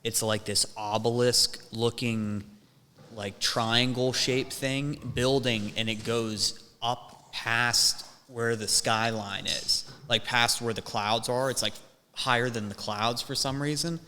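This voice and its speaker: A young man with a bright, forceful voice tells a rambling story, swearing and restarting as he goes. His voice rings with a long hall reverb. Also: mid-range voice, steady tone, slow pace, smooth. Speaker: podcast host. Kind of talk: casual chat.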